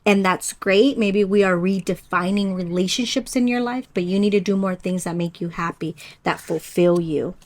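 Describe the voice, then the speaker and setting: A woman with a medium-pitched voice leads a pick-a-card spiritual reading. She speaks gently and reflectively, addressing her viewers directly. She pauses often and now and then trips over a word. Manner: unhurried with pauses and small stumbles. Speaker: oracle card reader.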